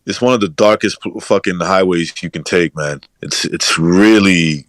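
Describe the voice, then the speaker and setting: A man's voice: sits low, moderate pace, no echo. A man co-hosting a podcast, telling loose stories in casual chat and swearing casually.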